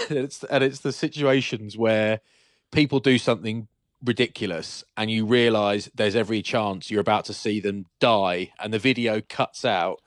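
A man co-hosting a podcast in casual chat, chatty and quick to laugh. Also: on the low side, no echo, clean studio sound. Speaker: podcast co-host.

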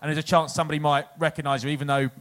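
A man's voice: a little high, little pitch movement, rapid-fire, fairly bright tone. A man from England, co-hosting a live chat show, tells long, rambling anecdotes and laughs at his own punchlines. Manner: chatty, rambling storyteller, laughs at own stories. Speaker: podcast co-host, former rugby player. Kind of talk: casual anecdote-telling before a live audience.

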